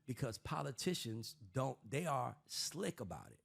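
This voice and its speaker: Husky streetwise man, animated panel host. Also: medium pitch, normal speed. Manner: animated, acts out voices of others while explaining; profane, streetwise talk. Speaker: podcast host. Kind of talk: casual panel chat.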